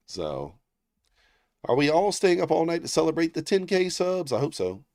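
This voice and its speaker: Reading out viewer names and thanking them, a trading livestream host chats loosely with his audience, wandering through stories with plenty of fillers and restarts. His voice is a little high and a little mellow, with big pitch swings and a moderate pace. The sound is clean studio audio with no room sound.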